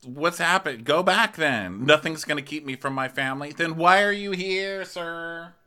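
Bright-voiced snarky man co-hosting a podcast. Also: fairly high pitch, moderate pace. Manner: snarky, acts out quotes in exaggerated voices. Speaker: podcast co-host. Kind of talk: casual recap chat.

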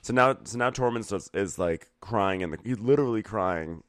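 Male podcast co-host, low voice, wry and joking, dry booth sound. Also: normal speed, fairly bright tone, no echo. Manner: wry, riffs on scenes with pop-culture jokes. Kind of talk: casual comedic TV recap.

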